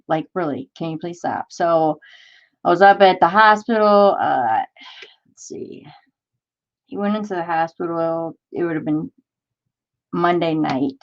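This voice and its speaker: A woman's voice: fairly low pitch, highs cut off. A woman in her forties hosting a crafting livestream, chatting in a rambling way and greeting viewers by name as she reads their comments. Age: 40s. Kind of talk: casual live-stream chat.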